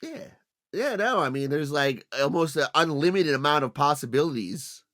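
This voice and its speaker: A middle-aged man co-hosting a laid-back comedy podcast, telling stories with mocking impressions thrown in. His voice sits a little high for a man and swings all over the place, with a bright, forward tone. He keeps a loose, joking manner throughout. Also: normal speed. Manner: animated storyteller, does mocking voices. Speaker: podcast co-host. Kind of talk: casual comedy podcast chat.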